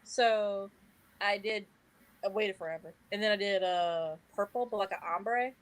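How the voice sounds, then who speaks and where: A woman in casual chat, telling animated stories, laughing often and acting out her own past reactions. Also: mid-range voice, moderate pace. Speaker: podcast co-host.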